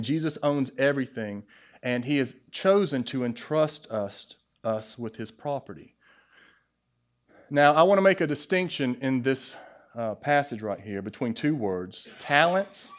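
Southern man preaching a lively sermon. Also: a little high. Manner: lively preaching with asides and jokes to the congregation. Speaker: pastor. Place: church sanctuary.

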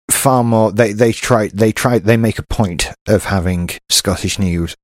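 A British man with a low voice talks through a podcast in easy, rambling chat. He restarts his sentences a lot. The sound is dry and close. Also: no room sound. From Britain. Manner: chatty, self-interrupting. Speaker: podcast co-host. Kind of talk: casual chat.

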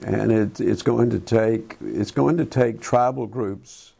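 An older man speaks on a Christian talk show with a low, dark voice full of gravel and a husky edge. He talks in halting bursts, restarting his sentences often. His tone is earnest and preachy. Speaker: Christian radio host. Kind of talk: casual talk about current events.

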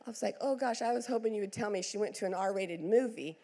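A woman's voice: medium pitch, fast talker, mellow. A middle-aged woman pastor telling a personal story in a sermon, acting out the quotes with big swings in her voice.

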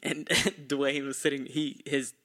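A young man hosting a casual comedy podcast. He tells stories in a lively way, laughs often and acts out the people he quotes. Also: mid-range voice, slow pace. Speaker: podcast host.

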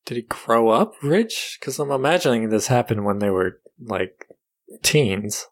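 A man's voice: mid-range voice, unhurried. A man co-hosting a podcast in casual banter, asking incredulous questions.

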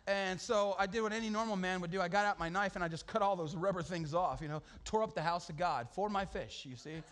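A man preaching a sermon as an animated, humorous story, full of slang and sudden shouted outbursts. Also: high-pitched, fast. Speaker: pastor.

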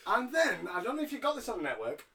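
A man's voice: sits high, huge pitch swings, quick pace, sharp tone. A man co-hosting a podcast, recapping wrestling in a sarcastic, jokey, swearing way. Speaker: podcast co-host. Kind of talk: casual wrestling recap chat.

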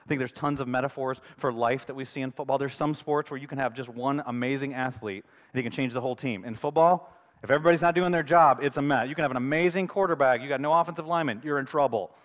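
A man preaching as pastor, telling a story in a lively way and building up to loud, excited bursts. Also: medium pitch, fast. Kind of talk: sermon. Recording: hall reverb.

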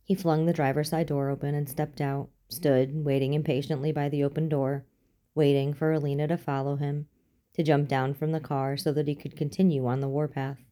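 Low, mellow-voiced woman narrating a novel. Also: little pitch movement, moderate pace. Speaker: audiobook narrator. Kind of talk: fiction audiobook narration.

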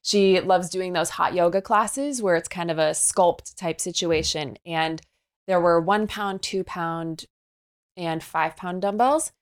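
A woman's voice: on the low side, measured pace, clear, resonant tone. A woman fitness trainer, a young adult, explaining exercises as a guest in a podcast interview, upbeat and coaching in tone.

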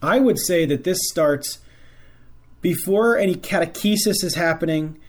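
Faith-show host, a man with a slightly high voice, earnest preaching to fathers, repeats lines for emphasis. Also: animated, a little slow. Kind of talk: preaching-style talk to fathers.

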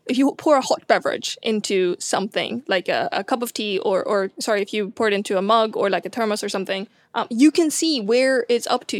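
A woman's voice: mid-range voice, dry recording, clean studio sound. A woman astronomer in a casual science chat, talking in a chatty way with many fillers and restarts and frequent laughs. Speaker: astronomer guest.

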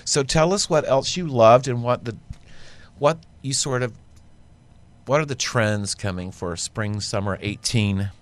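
A man co-hosting a podcast, telling a lively story in casual chat. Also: mid-range voice, a little slow. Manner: animated storyteller, acts out quoted dialogue. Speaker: podcast co-host.

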